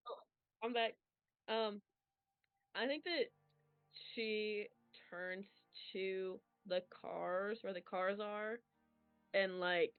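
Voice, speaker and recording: Slow-spoken woman player on tinny stream. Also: medium pitch. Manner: hesitant. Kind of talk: casual tabletop play on a live stream. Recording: tinny lo-fi stream audio, faint music.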